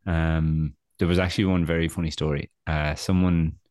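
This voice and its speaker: Male podcast co-host, young adult, very low register, rambling self-deprecating storyteller, dry sound. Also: little pitch movement, normal speed, darkish tone, no echo. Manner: rambling, self-deprecating anecdotes with many fillers. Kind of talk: casual chat, storytelling.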